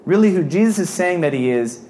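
A man's voice: high voice, lively intonation, fairly quick, warm tone. Man teaching scripture in a casual way. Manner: reads scripture then explains it in a loose, conversational way.

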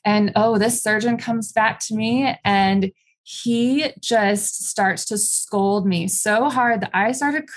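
Young adult woman, interview guest, candid and halting personal storytelling. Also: medium pitch. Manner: candid, halting, many fillers. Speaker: guest telling her story.

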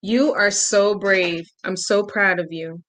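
Woman reading a kids' book on a live stream, gentle delivery, mid pitch, heavy noise behind. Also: fairly even intonation, slow. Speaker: guest, children's book author. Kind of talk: reading a picture book aloud. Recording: loud background noise.

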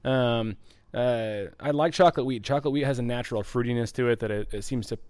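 A man's voice: mid-range voice, a little fast, darkish tone, clear, resonant tone, no echo. A man co-hosting a live homebrewing stream, explaining in an easygoing way and reading out viewer comments. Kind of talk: casual live-stream chat.

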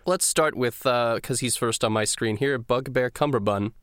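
A man narrating a tabletop game as game master, hesitant, often restarting and jumping in pitch. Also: normal speed, clean tone, dry recording, clean studio sound. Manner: hesitant, many fillers and restarts, animated pitch jumps.

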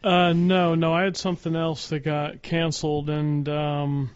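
A man who is a guest on a podcast, speaking in a dry, deliberate, deadpan way. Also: fairly high pitch, clean tone, no echo, lo-fi sound. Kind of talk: casual chat.

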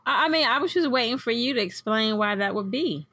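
A woman's voice: on the high side, animated, fairly quick, pushed and bright. A woman on a casual podcast, teasing her co-hosts in a playful way. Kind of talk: casual chat.

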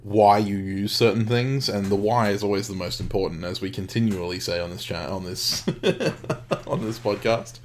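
A man's voice: on the low side, moderate pace, slight background noise. A man co-hosting a craft podcast in casual chat, rambling with many restarts and frequent laughter. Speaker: podcast co-host.

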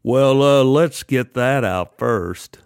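A man voicing Marvin, an unflappable store boss who speaks slowly and hesitantly with fillers, in a spoken story. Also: medium pitch, clean tone, no room sound, clean studio sound. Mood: calm.

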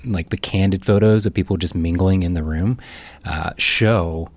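Low-voiced man chatting on a podcast. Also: normal speed, dry recording. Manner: chatty, thinks aloud with fillers. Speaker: podcast co-host. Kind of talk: casual podcast chat.

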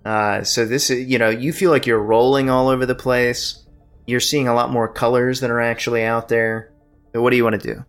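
A man narrating as game master of a tabletop game, describing scenes in a measured way. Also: medium pitch, level tone, faint music behind.

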